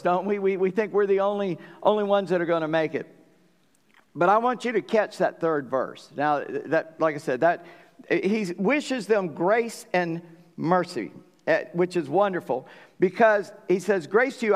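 A male pastor preaching a sermon in an easy, folksy way, checking in with his congregation as he goes. His voice sits a little high for a man and rings out with the long reverb of a church sanctuary. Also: moderate pace. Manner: folksy, conversational, asks the congregation for agreement.

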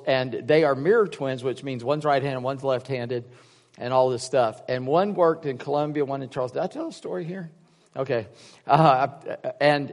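A man's voice: mid-range voice, in a large hall. A man preaching a casual sermon, rambling through personal stories with many restarts and fillers. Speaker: pastor.

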